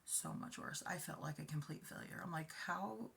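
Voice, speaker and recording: A woman in her forties giving a personal, confessional talk to camera, speaking softly and haltingly, often near a whisper and emotional at times. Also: deep voice, level tone, creaky, slight background noise. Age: 40s. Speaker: vlogger.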